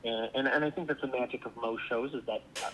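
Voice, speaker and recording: A man's voice: medium pitch, steady tone, fast talker, a bit bright, poor audio. A man answering interview questions in a reflective way, sometimes stumbling over a few repeated words. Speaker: actor guest.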